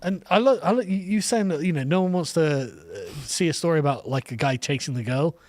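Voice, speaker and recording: A man speaking as a guest on a panel show, emphatic and quick to agree. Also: fairly high pitch, lively intonation, darkish tone, no echo. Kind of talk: casual panel chat.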